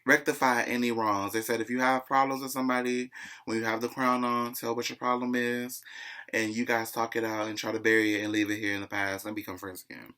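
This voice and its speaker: A man's voice: medium pitch, level tone, fairly quick, sharp tone. Gossipy man recapping reality TV. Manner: chatty and gossipy, keeps saying "child".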